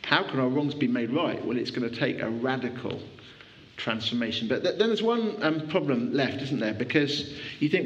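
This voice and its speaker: Chatty preacher, dull lo-fi sound. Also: male voice, mid-range voice, moderate pace, a little hiss or hum. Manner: conversational, animated, with frequent restarts. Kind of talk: sermon. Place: church.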